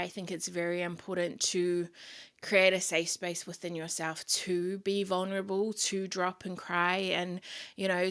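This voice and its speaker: A woman's voice: fairly low pitch, a bit bright, smooth. A young woman hosting her own podcast, talking casually, candidly and from the heart, with plenty of swearing. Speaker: podcast host. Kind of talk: casual solo podcast monologue.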